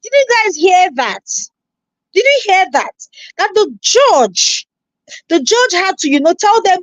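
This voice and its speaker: Nigerian woman, live-stream reactor, very high, animated and scolding, dry mic. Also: unhurried, no echo. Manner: animated, scolding, repeats herself, greets viewers.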